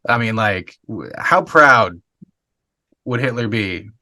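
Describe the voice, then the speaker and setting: A man with a bright, forward tone talks through football bets casually, stumbling and circling back with lots of fillers. He sounds close to the microphone in a dry, dead room. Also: fairly low pitch, animated, slow pace, dry recording. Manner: loose, rambling, with fillers. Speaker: podcast co-host. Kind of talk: casual sports betting chat.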